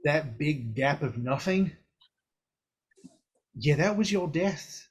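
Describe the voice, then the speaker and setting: A man's voice: a little high, animated, takes it slowly, husky, heavily acted. A man doing a sly, blunt clawed spirit. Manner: drawling, casual slang.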